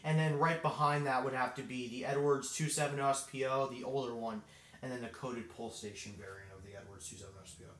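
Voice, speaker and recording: A man's voice: medium pitch, fairly even intonation, a little fast, a bit bright. Rambling man streaming in an echoey room. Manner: rambling, filler-heavy, thinking aloud. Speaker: live streamer, fire alarm hobbyist. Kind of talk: casual live stream chat. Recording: roomy echo.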